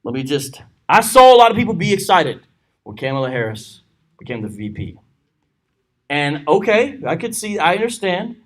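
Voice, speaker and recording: A man's voice: on the high side, sing-song, normal speed, a bit bright. A man teaching a church Bible study, reading scripture aloud with joking asides. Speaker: pastor.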